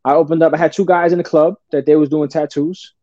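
Mellow, slightly high-voiced man telling stories. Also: fairly even intonation, fast talker, no echo. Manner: profane, calls listener "brother", restarts often. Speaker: podcast guest. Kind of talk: casual storytelling. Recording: dull lo-fi podcast audio.

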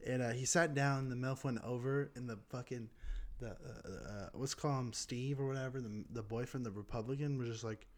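A man's voice: medium pitch, fairly quick. A young man co-hosting a comedy podcast, telling crude rambling stories. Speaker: podcast co-host.

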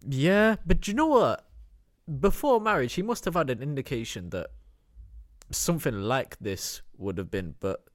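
A man's voice: medium pitch, very animated, moderate pace, no echo, studio quality. A young man, a podcast co-host, chatting casually and thinking aloud with hesitations. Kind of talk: casual chat.

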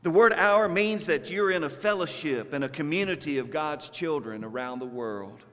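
A man with a Southern US accent preaches from the pulpit in a slow, deliberate cadence, leaning on pauses for emphasis. His voice sits a little high for a man. The sound rings out with the long reverb of a church hall. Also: animated, fairly bright tone. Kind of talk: sermon. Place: church sanctuary.

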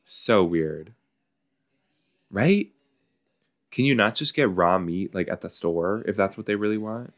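A man's voice: on the low side, a little slow, pauses often. A man hosting a casual watch-along podcast, reacting chattily to a show with lots of likes and you-knows. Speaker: podcast host reacting to an episode.

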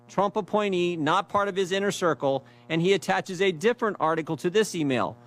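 A man's voice: high voice, fairly bright tone. A man giving an emphatic speech, reading emails aloud and repeating key phrases for stress. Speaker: speaker presenting documents.

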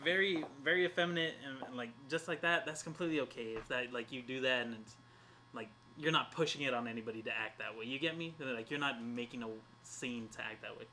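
A man's voice: mid-range voice, quick pace, slight background noise. A man in his twenties, co-hosting a casual podcast chat, telling stories animatedly and swearing freely. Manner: animated storyteller, swears freely, acts out quotes. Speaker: podcast co-host.

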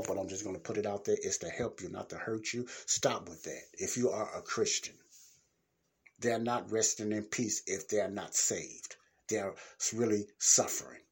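A man's voice: lowish voice, a little mellow, husky. A middle-aged man hosting a Christian podcast, preaching in a blunt, casual, colloquial way and repeating points for emphasis.

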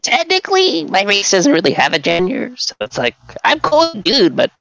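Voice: mid-range voice, wildly swooping pitch, a little fast, vocal fry, fairly bright tone, no echo. A player in a tabletop game, joking and rambling.

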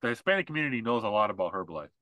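A man's voice: on the low side, very animated, rapid-fire, sharp tone, no room sound, poor audio. A man co-hosting a casual podcast, rambling and mocking, often mimicking other people's voices. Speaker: podcast co-host.

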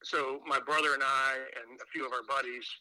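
A man's voice: mid-range voice, steady tone, brisk, pushed and bright, no room sound, poor audio. A man chatting as a podcast guest, telling rambling stories full of fillers and restarts. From Indiana. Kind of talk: casual chat.

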